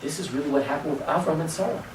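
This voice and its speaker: A male rabbi teaching a class as animated storytelling. He swings between loud exclamations and hushed asides and drops in Hebrew and Yiddish words. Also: fairly high pitch, rapid-fire. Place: synagogue classroom. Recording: echoey room, distant mic, faint noise.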